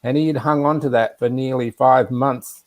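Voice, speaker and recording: A man's voice: mid-range voice, steady tone, moderate pace, darkish tone. A man casually telling a personal anecdote on a live video chat, rambling with asides. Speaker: regular guest.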